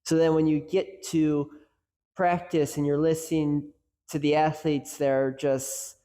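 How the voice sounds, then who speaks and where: A man's voice: on the high side, level tone, unhurried, dark tone. A man hosting a casual coaching lesson, joking and acting out little asides as he talks, with long hall reverb. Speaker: host and coaching educator. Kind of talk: casual educational talk.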